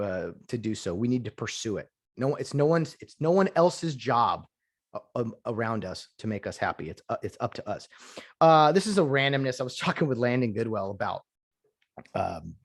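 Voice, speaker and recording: A man talks alone into his podcast mic, drifting from point to point and restarting his sentences. He is opinionated and casual, in a mid-range voice. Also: mid-range voice. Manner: rambling and opinionated, with many restarts. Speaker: podcast host. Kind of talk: solo podcast rambling.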